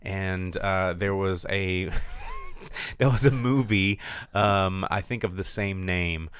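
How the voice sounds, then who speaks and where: A man's voice: low-pitched, takes it slowly, fairly bright tone, clear, resonant tone. A man hosting a podcast, reviewing a film in casual chat, rambling and sarcastic with lots of fillers and restarts.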